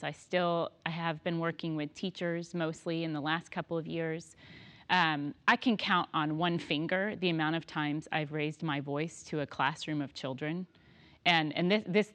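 A woman in her thirties telling stories in casual conversation, laughing often and animated. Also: low voice. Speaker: guest.

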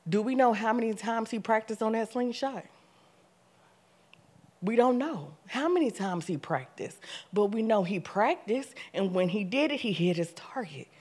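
A young adult woman giving a church testimony, telling her story with animation, acting out her own past words and rising to loud, emphatic preaching. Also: on the high side, lively intonation, normal speed, slightly rough.

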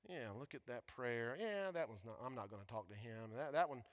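A man's voice: medium pitch, expressive, a little fast, long reverb tail, voice pushed down, lightly acted. A man voicing God as a fussy, dismissive male speech judge, muttering his asides.

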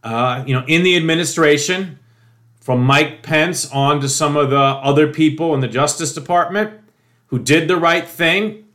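Fired-up male commentator, higher voice, swears freely, emphatic and scornful. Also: normal speed, fairly bright tone. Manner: profane, indignant, emphatic ranting; mocking quoted voices. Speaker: political commentator. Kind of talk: opinion monologue.

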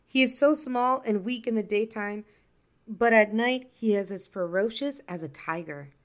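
A woman's voice: medium pitch, moderate pace, lightly acted. Woman playing greedy trickster Buki. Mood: panicked. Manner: sly, turns loud and panicked. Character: greedy scheming male trickster Uncle Buki.

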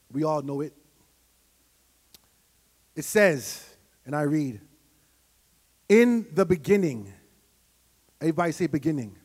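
A man preaching a sermon in a church, moving from quiet teaching to shouted prayer. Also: on the high side. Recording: long hall reverb.

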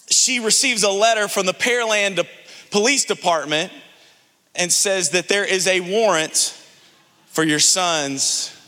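A man from the Houston area, a pastor preaching a sermon to a congregation, telling a humorous story with animated restarts. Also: sits high, long reverb tail. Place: church sanctuary before a congregation.

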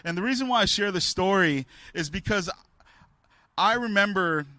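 Candid, halting man preaching a sermon. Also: high-pitched, animated, bright, forceful tone, no room sound. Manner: halting and candid, with frequent restarts; acts out the people in his stories with a raised voice. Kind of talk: sermon told as personal stories.

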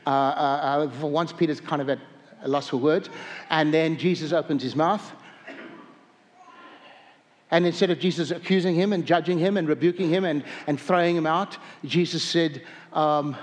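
A man's voice: a little high, moderate pace, big-room sound. A man preaching a sermon, telling stories in a rambling way with restarts and chuckles. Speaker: pastor.

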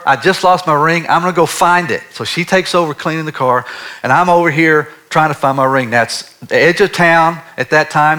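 A man preaching, telling a personal story in a lively, animated way. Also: medium pitch. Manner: animated storyteller, drops to a hushed voice for God's words. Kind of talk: sermon storytelling.

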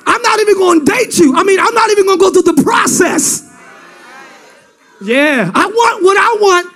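A male preacher giving an animated sermon in casual slang, often breaking into shouts. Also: very high voice, normal speed, soft background music.

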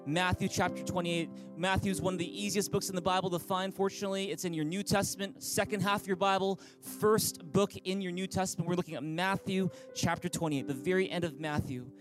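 A man's voice: sits high, steady tone, fairly quick, hardly any pauses, music in the background, poor audio. A man preaching as pastor in an online church service, upbeat and inviting, leading listeners in call-and-response. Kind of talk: sermon.

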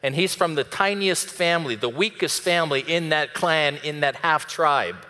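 Bright-voiced pastor, church reverb. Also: male voice, on the high side, normal speed. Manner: animated storytelling that acts out the characters. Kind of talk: sermon. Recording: long reverb of a church hall.

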